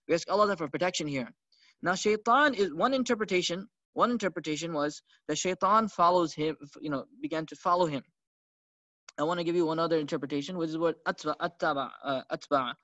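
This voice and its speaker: A man gives a religious lecture in a high, quick voice, talking conversationally and tossing in rhetorical questions. The sound is dry and close, with a dull, slightly lo-fi tone. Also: sharp tone, dry recording. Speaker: Islamic teacher.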